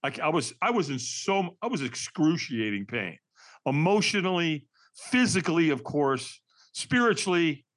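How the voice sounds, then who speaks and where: A man in his sixties, a podcast guest, tells a candid personal story in an animated, emphatic way and laughs through hard memories. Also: fairly high pitch, normal speed.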